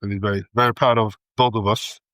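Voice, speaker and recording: A male co-host with a low voice who talks fast in long, rambling stretches. He laughs often. The sound is dry and close. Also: fairly even intonation, fairly bright tone, no room sound, poor audio. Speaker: podcast co-host. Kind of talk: casual barbershop chat.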